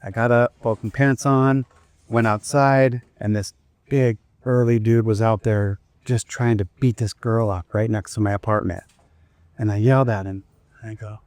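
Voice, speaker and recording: A man's voice: fairly low pitch, steady tone, a little mellow, no room sound. Casual man telling a story, dry sound. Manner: casual, conversational, with frequent fillers and restarts; leads the group in slow breathing. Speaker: speaker at a wellness event. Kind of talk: personal storytelling talk to a live group.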